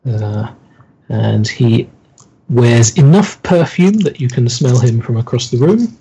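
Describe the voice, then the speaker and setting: Slow, husky-voiced male game master. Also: medium pitch, lively intonation, warm tone, low-quality recording. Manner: slow, hesitant, lots of ums. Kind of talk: narrating a tabletop horror game.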